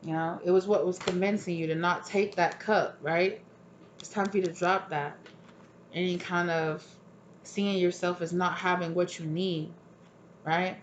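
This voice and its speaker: A woman's voice: fairly low pitch, fairly even intonation, unhurried, a little hiss or hum. A tired woman giving a casual, chatty tarot reading, often checking in with "right?". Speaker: tarot reader.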